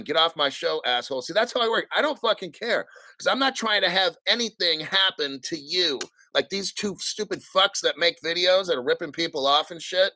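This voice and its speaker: Profane, combative man with a bright voice. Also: fairly high pitch, no echo. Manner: clears his throat often. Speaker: crypto channel host. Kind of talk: livestream rant.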